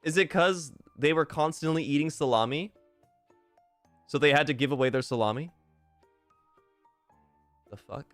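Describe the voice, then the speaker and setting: Excitable young man, swearing, dry close mic. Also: fairly high pitch, normal speed, long pauses, no room sound, faint music behind. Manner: excitable, swears a lot, swings to loud outbursts. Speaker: streamer. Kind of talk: casual chat reading fan messages.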